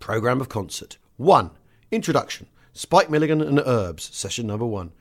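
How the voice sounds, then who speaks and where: Man reading a wartime memoir aloud. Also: moderate pace. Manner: lively reading that jumps in pitch and loudness for quoted lines. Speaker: podcast host reading a book extract.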